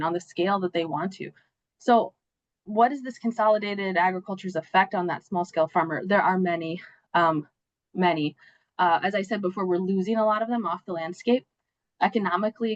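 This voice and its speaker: A woman's voice: fairly low pitch, dry recording. A woman presenting slides in a webinar, talking conversationally with fillers and tag questions while losing her voice. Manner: conversational, with frequent fillers and "right?" asides. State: losing her voice, clearing her throat. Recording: dull, dry video-call audio.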